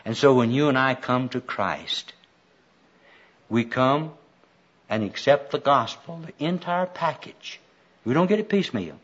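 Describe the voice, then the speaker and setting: An older man delivers a sermon in a lively, animated voice that swoops up and down. His tone is a little husky and folksy, quoting scripture with self-deprecating humor. The recording sounds dull and lo-fi. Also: medium pitch, a little slow, pauses often. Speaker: preacher.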